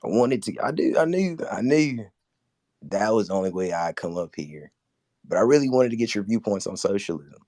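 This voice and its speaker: A man's voice: on the low side, lively intonation, normal speed, darkish tone, no room sound, clean studio sound. A male caller from South Carolina putting on a stiff, fake accent while he talks to the host.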